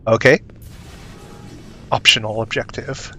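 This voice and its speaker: A man streaming a game, chatting casually, reacting excitedly and reading game text aloud. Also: medium pitch, slow pace, creaky, soft background music. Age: adult, not young. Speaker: gaming streamer. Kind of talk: casual let's-play commentary.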